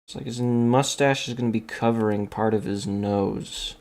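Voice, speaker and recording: A man's voice: mid-range voice, steady tone, moderate pace, darkish tone. A man drawing and chatting playfully, laughing often and slipping into silly posh voices. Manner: giggly, jumps into silly fancy voices. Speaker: artist drawing on stream. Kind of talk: playful commentary while drawing.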